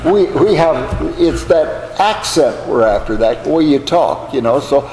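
A man's voice: fairly high pitch, animated, slow, a little mellow. Older American man teaching in echoey hall. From United States. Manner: folksy storytelling with asides. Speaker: Bible teacher. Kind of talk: Bible class lecture. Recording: echoey hall, faint background hum.

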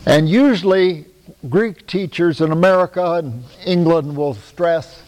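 A man's voice: a little high, a little slow, darkish tone, long reverb tail, poor audio. A man preaching a sermon in a conversational, emphatic way, often asking the listeners rhetorical questions.

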